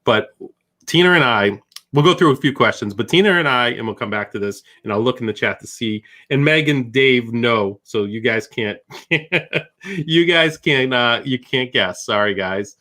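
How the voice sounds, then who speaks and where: A man's voice: medium pitch, expressive, normal speed, sharp tone. A man with a Boston accent hosting a casual live-stream chat, joking and rambling with frequent restarts. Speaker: host.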